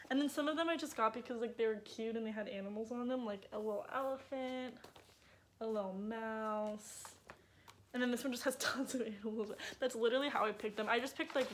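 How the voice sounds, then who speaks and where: With slight background noise, a young woman vlogger, a native English speaker, talks to camera in a somewhat high voice. She's bubbly and casual, using lots of fillers.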